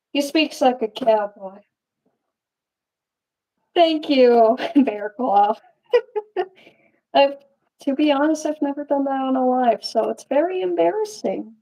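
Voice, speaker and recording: Young woman streamer, high and mellow, rambling casual Q&A chat. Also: lively intonation, takes it slowly, long pauses, low-quality recording. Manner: rambling, chatty, laughs often. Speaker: puppeteer live streamer.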